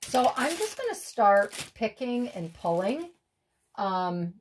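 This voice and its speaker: Slow, chatty woman crafting at home. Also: medium pitch, sing-song, a little hiss or hum. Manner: rambling, chatty, folksy asides. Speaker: craft video host. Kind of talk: casual chat while crafting.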